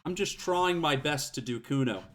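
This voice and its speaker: Lively joking man streaming a game. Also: a little high, moderate pace. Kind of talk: casual game commentary.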